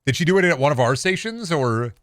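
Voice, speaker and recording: A married man streaming a video game, rambling sarcastically and insisting in mock calm that he is not mad. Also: fairly high pitch, quick pace, dry recording, clean studio sound. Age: adult, married. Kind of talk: casual gameplay chat.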